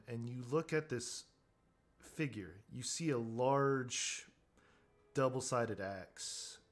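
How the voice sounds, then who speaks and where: A man running a tabletop game, laying out each scene in slow, deliberate narration. His pitch is an ordinary middle register, and he takes his time over the descriptions. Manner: unhurried, descriptive. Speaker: game master.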